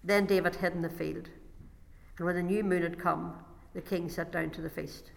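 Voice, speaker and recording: A woman's voice: lowish voice, steady tone, normal speed, creaky. A woman delivers a sermon in a hall with a long echo. She reads scripture aloud, then breaks off to explain each passage in her own words. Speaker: preacher. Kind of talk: sermon with Bible reading.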